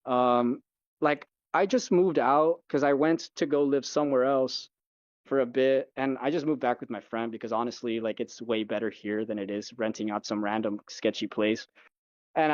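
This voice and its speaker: Guest: young man, loose profane storyteller, mid-pitched, dull lo-fi mic. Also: a little mellow, no room sound. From United States. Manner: rambling, profane storytelling full of fillers. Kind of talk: casual chat.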